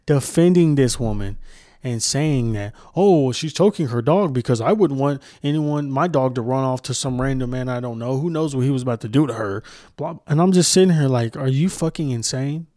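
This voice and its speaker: A man's voice: mid-range voice, a little mellow, dry recording, studio quality. A young man hosting a solo podcast, ranting with heavy profanity and mocking impressions. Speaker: podcast host. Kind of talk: heated solo podcast rant.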